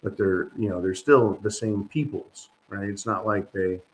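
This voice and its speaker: A man hosting a commentary channel, talking in an animated, sarcastic monologue to his viewers. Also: on the low side, moderate pace, poor audio. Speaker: host. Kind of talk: opinionated monologue.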